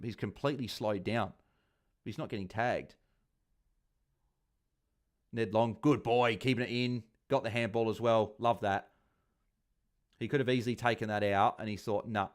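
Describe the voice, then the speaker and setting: A man with an ordinary mid-range voice hosts a casual live stream. He reads viewer comments aloud and cheers on his fantasy players between relaxed asides. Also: medium pitch. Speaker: host of a fantasy football watchalong stream.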